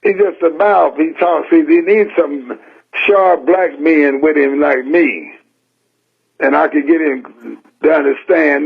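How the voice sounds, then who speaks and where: An older man from San Francisco preaches in a folksy, emphatic style, hammering his points home through plain repetition. His voice is gravelly and husky, slightly raised in pitch, and he takes his time with each phrase. It all comes through a thin, tinny radio broadcast that sounds like a phone line. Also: takes it slowly. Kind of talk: sermon.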